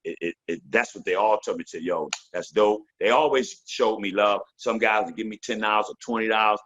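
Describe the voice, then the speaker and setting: A husky, lowish-voiced man in his fifties spins stories in a relaxed interview, swearing freely as he talks. He drops into the voices of the people in his tales and rolls back out into easy, streetwise chat. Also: a little fast, muffled recording. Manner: profane, loose storytelling with voiced quotes. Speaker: guest, veteran MC. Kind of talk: casual interview storytelling.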